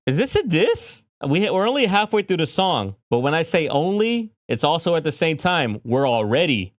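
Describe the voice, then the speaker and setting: A man hosting a music reaction video, talking casually in an excitable, rambling way with lots of swearing. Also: on the high side, moderate pace.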